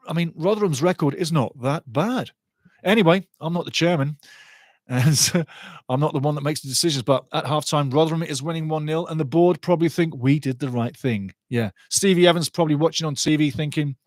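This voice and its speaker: A man's voice: a little high, dry recording. A man hosting a live football watch-along, chatting through scores and match statistics. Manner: chatty, reads out scores and stats.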